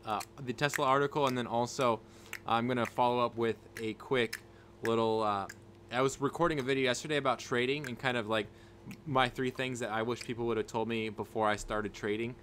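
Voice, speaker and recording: A man's voice: mid-range voice, fairly even intonation, a little fast, a bit bright. Man, livestream host, casual rambling chat, desk mic at home, faint noise behind. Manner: rambling, with many restarts and fillers; thanks viewers by name as he talks. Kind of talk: casual live-stream chat. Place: room at home. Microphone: desk microphone with a level meter.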